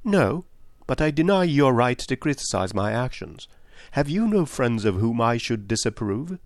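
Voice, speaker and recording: A man reading an audiobook voices a proud, defiant young wife in a cool, smooth, measured tone, pitched above his own voice. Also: big pitch swings, no echo, studio quality. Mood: cold, defiant.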